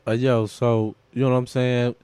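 A man's voice: mid-range voice, flat delivery, moderate pace, dark tone, smooth, dry recording. A man, co-hosting a podcast in a loose, laid-back way with plenty of fillers. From Kentucky, US. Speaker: podcast co-host. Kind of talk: casual podcast chat.

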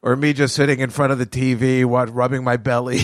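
A man's voice: mid-range voice, level tone, a little fast, no echo, clean studio sound. A man in his fifties hosting his own podcast, telling a rambling, profane story and laughing at his own jokes. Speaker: podcast host. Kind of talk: casual rambling monologue.

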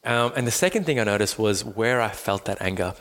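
A man who teaches meditation, talking in a casual podcast chat, animated and storytelling, casually swearing and acting out the people he quotes. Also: on the low side, brisk. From Australia.

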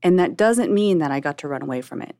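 Woman, low voice, measured and earnest, reflective podcast talk, dry sound. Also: lively intonation, darkish tone, no echo. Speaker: podcast host. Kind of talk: reflective monologue.

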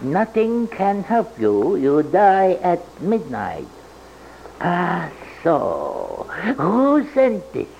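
A male detective with a put-on stage accent who speaks in proverbs. He talks very slowly in a high, swooping voice. He is heard on a dull old radio broadcast with light hiss. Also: wildly swooping pitch, gravelly, darkish tone, heavily acted. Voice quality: slow, measured, proverb-like delivery. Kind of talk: 1980s live radio comedy sketch.

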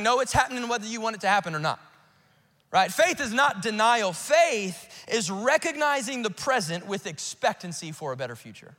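A male pastor preaching a sermon, swinging between urgent outbursts and hushed, earnest asides. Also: sits high, very animated, moderate pace, big-room sound. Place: church auditorium.

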